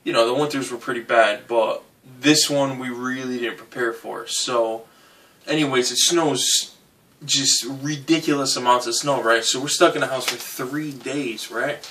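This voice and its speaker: A man's voice: medium pitch, fairly even intonation, unhurried, bright, forceful tone, distant mic, a little hiss or hum. A young man who grew up in Connecticut telling a rambling, profane comic story, often asking "right?". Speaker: comedian.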